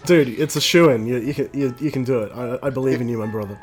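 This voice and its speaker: A man's voice: medium pitch, fast talker, a little mellow, faint music behind. An Australian man hosting a casual gaming podcast, rambling and tripping over his words. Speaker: podcast host.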